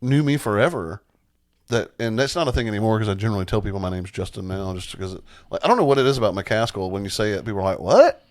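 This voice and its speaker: A man co-hosting a podcast, relaxed and easygoing in casual chat, often chiming in to agree. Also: fairly low pitch, quick pace, no room sound, clean studio sound. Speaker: podcast co-host.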